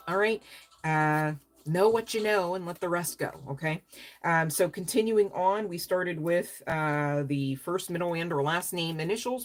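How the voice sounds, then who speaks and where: A woman's voice: lowish voice, fairly bright tone. A woman doing a casual tarot reading to camera, rambling, chatty and emotional, with some casual swearing. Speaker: tarot reader.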